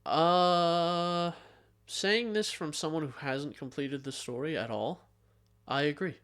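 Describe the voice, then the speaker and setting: This man co-hosts a podcast in relaxed, conversational banter. He teases his partner with a dry, joking edge. He often hesitates on filler words before getting to his point. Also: on the high side, moderate pace. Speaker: podcast co-host. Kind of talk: casual chat about video games.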